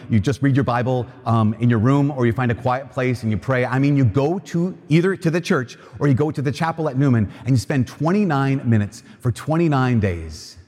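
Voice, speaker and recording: A man's voice: medium pitch, darkish tone, breathy edge. A man preaching a sermon, telling a story and then making an earnest appeal with emphatic repetition. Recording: long reverb of a large hall.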